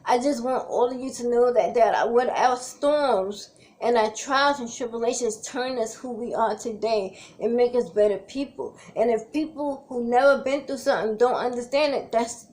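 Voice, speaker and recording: A woman speaks in an earnest, emotional vlog, her voice sitting somewhat high. She repeats herself as she encourages her viewers through hardship, close to tears at moments. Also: normal speed, darkish tone, a little hiss or hum. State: tearful at times. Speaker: cancer survivor vlogger. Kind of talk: heartfelt direct-to-camera vlog.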